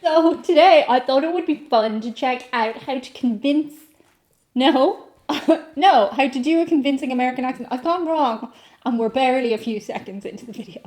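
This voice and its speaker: A woman with an Irish accent chats to camera in a casual comedic vlog, reading aloud, riffing, and playfully teasing herself. Her voice sits high with a darkish tone, and she keeps a moderate pace.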